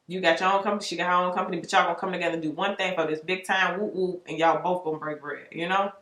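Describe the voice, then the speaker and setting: A woman's voice: lowish voice, fairly even intonation, very fast, fairly bright tone. Chatty tarot-reading woman, echoey room. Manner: chatty, explains with acted-out examples. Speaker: tarot reader. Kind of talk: casual tarot reading monologue.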